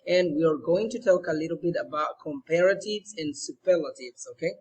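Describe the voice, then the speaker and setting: A young man, teaching a recorded homework lesson to schoolchildren, slow and patient, repeating words and checking in often. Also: fairly high pitch, darkish tone, breathy edge. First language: Spanish.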